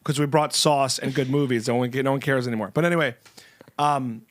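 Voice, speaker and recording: A man hosting a casual podcast chat, joking around and rambling in an animated way. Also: medium pitch, fairly quick, dry recording, studio quality. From Italian-American. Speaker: podcast host.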